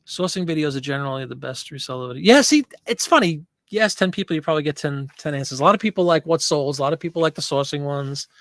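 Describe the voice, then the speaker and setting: A man's voice: fairly high pitch, fairly bright tone, no room sound, clean studio sound. Chatty man hosting a live stream. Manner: chatty, rambling, reading out viewer comments. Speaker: host. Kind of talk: casual live-stream chat.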